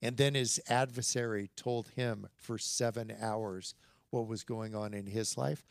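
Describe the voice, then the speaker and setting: Brief: middle-aged man, animated storyteller with a gravelly edge, dry close mic. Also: fairly low pitch, unhurried, dry recording. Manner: animated storyteller, acts out quoted dialogue, chuckles between lines. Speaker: podcast guest. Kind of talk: storytelling in casual conversation.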